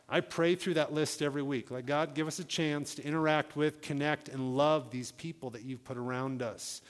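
A man with a somewhat high voice preaches to his congregation in an easy, conversational way. He slips into quick acted-out bits of dialogue to make his points. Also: steady tone. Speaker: pastor. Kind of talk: sermon.

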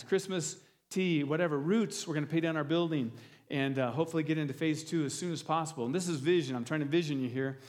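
A pastor delivering a sermon in a church, talking loosely with restarts and fillers and an earnest tone. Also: male voice, fairly high pitch, big-room sound. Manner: earnest, gets emotional near the end.

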